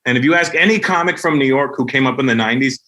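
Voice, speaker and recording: A middle-aged man tells anecdotes in a loose, animated way, breaking into laughs as he talks. His pitch sits in a typical middle register. The delivery is conversational podcast storytelling. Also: rapid-fire. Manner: animated, acts out other people's voices with laughs. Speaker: guest comedian.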